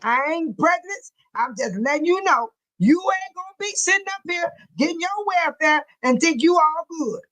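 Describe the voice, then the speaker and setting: A woman, hosting a casual live chat, reading viewer comments aloud and laughing loudly in folksy slang. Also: very high-pitched, expressive, normal speed, hardly any pauses, rough recording. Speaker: livestream host.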